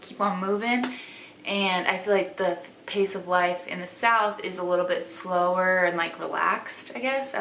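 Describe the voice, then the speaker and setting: A woman's voice: fairly low pitch, fairly bright tone. Young woman vlogging, light wisconsin accent, says "like" a lot, echoey room, bit of hiss. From Wisconsin, USA. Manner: chatty, heavy use of "like" fillers. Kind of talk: casual vlog talk to camera.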